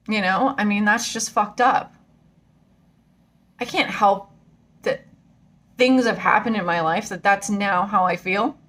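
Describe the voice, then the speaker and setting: A woman vlogger talking frankly and casually to camera, rambling and animated as she tells a personal story. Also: mid-range voice. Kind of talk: casual personal vlog talk.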